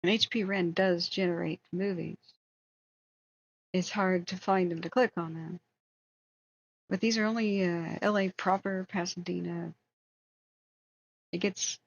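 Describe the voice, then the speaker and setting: Woman livestream host, gravelly low voice, rambling and opinionated, dull lo-fi audio. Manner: rambling, opinionated, reads chat aloud. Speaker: livestream host tracking wildfires. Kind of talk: casual livestream chat.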